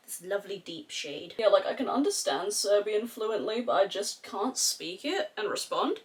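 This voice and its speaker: A young woman with an accent mixing Australian and English, chatting casually and swearing freely while doing her makeup on camera. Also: medium pitch. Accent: mix of Australian and English. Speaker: beauty vlogger. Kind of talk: casual makeup tutorial chat.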